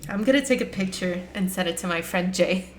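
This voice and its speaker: A woman playing through a visual novel, reading its dialogue aloud and reacting in an animated way that is quick to laugh. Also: lowish voice, slight background noise. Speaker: let's play gamer. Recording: echoey room with game music.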